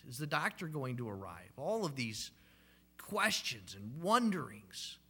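Bright-voiced man telling a sermon story. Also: mid-range voice, sing-song, unhurried, slightly rough. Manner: conversational storytelling, many "right?" tags and ums. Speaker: pastor.

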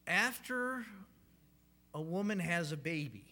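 A man's voice: sits high, animated, slow pace, pushed and bright. A man in his thirties preaching a sermon as a pastor, telling stories in a conversational way with frequent "right?" tags and ums.

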